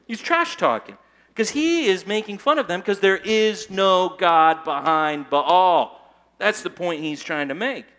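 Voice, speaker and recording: A male pastor giving an animated, conversational sermon, often tagging his points with "okay?". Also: sits high, a little slow.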